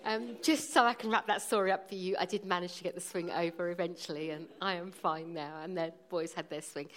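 A woman in her forties preaching, telling a personal story in a lively, humorous way. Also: on the low side, brisk, hardly any pauses.

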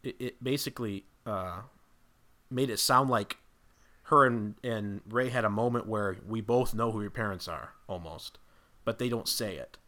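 A man with a fairly low voice talks casually as a podcast guest. He rambles, restarts his sentences and thinks aloud as he builds up an idea. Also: normal speed, sharp tone.

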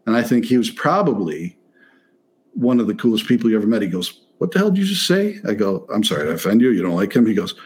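A man from Michigan telling a story in a casual chat, animated and profane, acting out the people he quotes. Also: on the low side, fast. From Michigan, near Detroit.

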